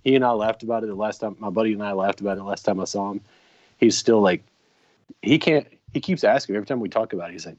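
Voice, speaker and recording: A man's voice: on the low side, fast, a little mellow, no echo. A man in his forties, a podcast co-host, telling a casual story with lots of ums and restarts. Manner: rambling anecdotes with many ums and restarts. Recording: dry, slightly muffled podcast mic.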